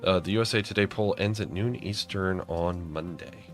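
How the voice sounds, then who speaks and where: A man's voice: sits low, moderate pace. A tired man streaming a railroad game, chatting casually with dry jokes and rambling asides. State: tired, yawning. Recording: faint background music.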